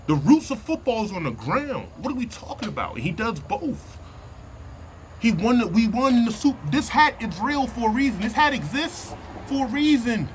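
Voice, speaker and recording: A man's voice: sing-song, normal speed, a little hiss or hum. Fired-up man ranting about football. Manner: worked-up, slangy, repeats himself, drops to low mutters. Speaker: sports fan vlogger. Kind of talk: heated sports opinion rant.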